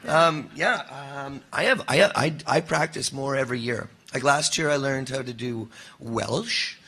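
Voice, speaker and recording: A man's voice: mid-range voice, unhurried, breathy edge. A man who works as a voice actor, chatting casually and animatedly on a convention panel. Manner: animated, expressive storyteller.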